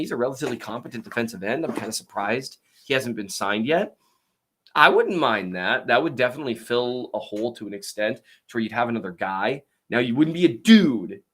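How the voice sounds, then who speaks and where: A man hosting a show, answering viewer questions in a rambling casual chat with many fillers and restarts. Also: mid-range voice. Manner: tries to talk louder and slower.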